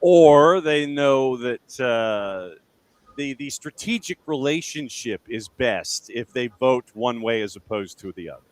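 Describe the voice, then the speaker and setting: A man hosting a soccer show, talking in a relaxed, measured casual chat. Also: mid-range voice.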